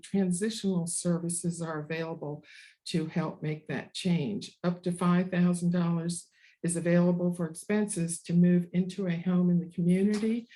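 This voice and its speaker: A presenter giving an informational webinar, explaining program rules in a measured way, partly read and partly ad-libbed. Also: medium pitch, dark tone, poor audio. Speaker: disability advocacy presenter.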